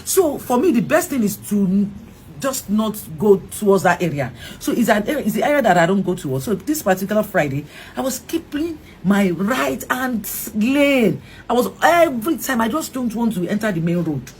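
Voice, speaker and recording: In an interview, a middle-aged Nigerian woman who works as an actress recounts an emotional story at normal speed in a mid-range voice. Her delivery is animated, with quoted dialogue acted out and frequent restarts, against slight background noise.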